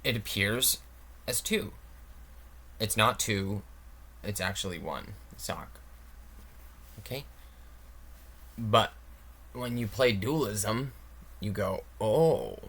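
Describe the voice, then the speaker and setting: Bright-voiced man ranting casually. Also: lowish voice, takes it slowly, pauses often, breathy edge. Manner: sarcastic, swears, reads text aloud then mocks it.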